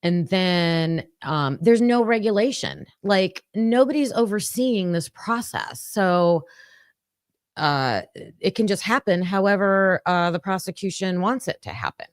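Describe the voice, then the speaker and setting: A woman's voice: mid-range voice, lively intonation, unhurried, dry recording, studio quality. A woman giving casual true crime commentary, thinking aloud and reading from her notes.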